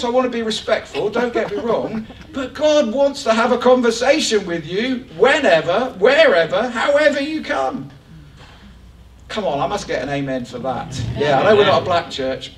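A man preaching a lively, joking sermon to his church congregation. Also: sits high. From England. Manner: animated, joking, rising excitement. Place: church hall. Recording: echoey church hall from far off.

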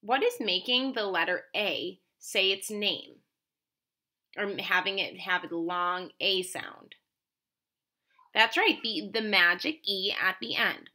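Slow, bright-voiced woman teaching phonics. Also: medium pitch. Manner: slow, clearly enunciated, encouraging teacher talk. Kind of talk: phonics lesson for children.

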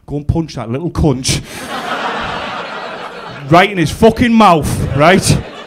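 A man in his thirties with a Middlesbrough accent doing a stand-up comedy routine, telling an animated, sweary story with big swings in pitch and loudness. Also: slow pace, background noise. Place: comedy club stage.

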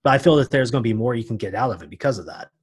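A man's voice: medium pitch, animated, rapid-fire, slightly rough. A man co-hosting a podcast in casual chat, with a wry, sarcastic edge. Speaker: podcast co-host.

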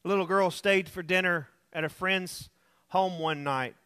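Man preaching a sermon, high voice, bright tone, earnest, repeats himself. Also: unhurried, smooth. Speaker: pastor. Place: church room, alone.

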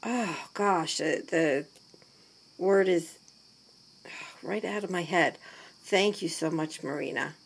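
A woman vlogger unboxing a handmade gift, gushing and gasping, often dropping into soft whispers as she talks to the camera she holds. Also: on the low side, slow, vocal fry, pauses often, breathy edge. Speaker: crafting vlogger. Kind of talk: excited unboxing chat to camera. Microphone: handheld camera mic.

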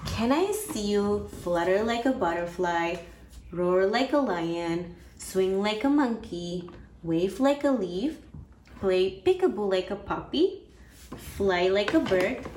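A woman reads a picture book aloud for a baby, taking her time in a gentle sing-song way. Her mid-pitched voice rings in a roomy, echoey space. A steady background noise sits under the reading. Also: slow pace. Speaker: storybook reader.

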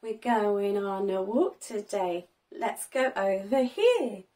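A woman teaching toddlers in a learning video, slow and sing-song, with big gasps and constant praise. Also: medium pitch, lively intonation, mellow.

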